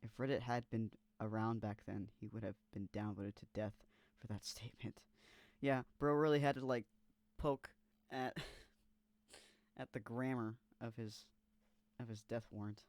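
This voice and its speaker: Young male vlogger, mid-pitched, dry close sound, casual reactions, swears and stumbles. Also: steady tone, unhurried, pauses often, a little mellow, dry recording. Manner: casual slangy, swears, stumbles while reading aloud.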